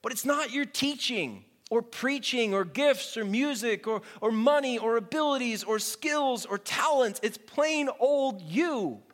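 A man preaching a sermon in a playful, emphatic way, slowing down with dramatic pauses to stress his points. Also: very high-pitched, expressive, a bit bright. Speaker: pastor.

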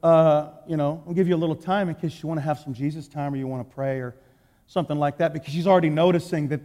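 Animated Texan preacher in a reverberant hall. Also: male voice, a little high. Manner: animated, acts out quotes, swings from hushed to shouting. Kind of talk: sermon storytelling.

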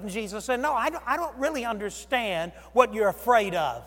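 A man with a very high-pitched voice preaches animatedly and a little fast, swinging between loud outbursts and soft asides as he acts out the people in his story. The recording has a big-room sound.

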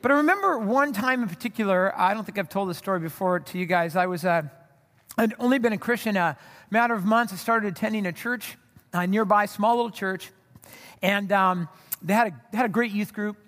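High-voiced man preaching in a reverberant hall. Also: brisk, fairly bright tone. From Southern California. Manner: storytelling, conversational, many fillers and restarts. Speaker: pastor. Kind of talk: sermon.

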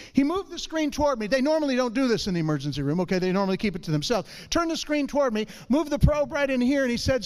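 A middle-aged man giving a humorous testimony to a congregation, an animated storyteller who keeps calling for the audience's response. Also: very high voice, fast talker, hardly any pauses, clean tone. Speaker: church speaker.

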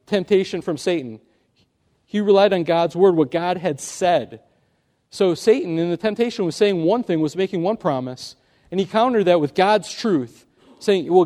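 A man's voice: high-pitched, warm tone. A man preaching an earnest sermon, telling a story and pressing his points with rising emphasis. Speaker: pastor.

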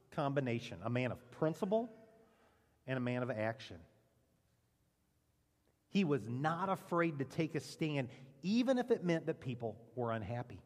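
A man preaching a sermon as pastor, with dramatic emphasis and a lively delivery. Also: big-room sound. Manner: animated preaching with dramatic emphasis and lowered punchlines. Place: church sanctuary.

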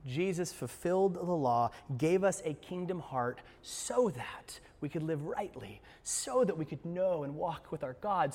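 A man pastor preaching a sermon in a church, moving between hushed passages and emphatic ones, with playful asides to the congregation. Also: a little high, long reverb tail. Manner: passionate, swings from hushed to emphatic. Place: church sanctuary.

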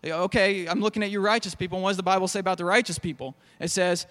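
A man's voice: high voice, fairly even intonation, fast talker, fairly bright tone. A young man preaching a sermon in a church hall, telling jokey stories. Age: young adult. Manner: storytelling, jokey.

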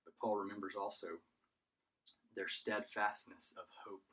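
A man preaching a sermon as pastor, in a measured way that often repeats words as he goes. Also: on the low side, monotone, bright, forceful tone, recorded from a distance, poor audio. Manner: measured preaching with frequent word repetitions.

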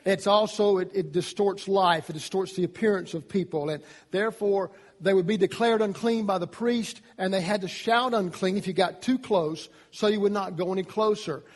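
Man, pastor, sermon, high voice, emphatic, long hall reverb. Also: moderate pace, few pauses. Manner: emphatic preaching, rising in pitch and loudness on key points.

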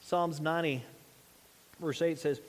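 A man's voice: fairly high pitch, fairly even intonation, a little slow, long reverb tail. A man preaching a sermon in an earnest, conversational way, asking his listeners rhetorical questions. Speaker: pastor.

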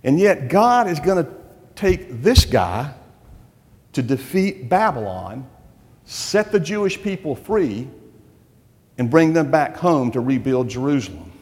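A man's voice: fairly high pitch, sing-song, measured pace, darkish tone, in a large hall. Man preaching with emphatic questions. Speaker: pastor. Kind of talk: sermon. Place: church.

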